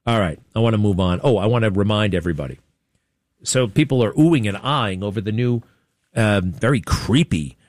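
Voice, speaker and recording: A male talk show host delivers opinionated commentary with a sarcastic, mocking edge. His voice sits a bit low, and the sound is dry and close. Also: a little mellow, no room sound.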